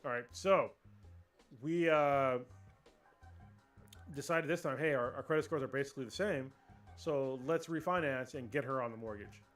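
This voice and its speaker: A man co-hosting a casual livestream podcast, ranting and swearing freely in animated chat. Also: mid-range voice, moderate pace, pauses often, faint music behind. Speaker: podcast co-host.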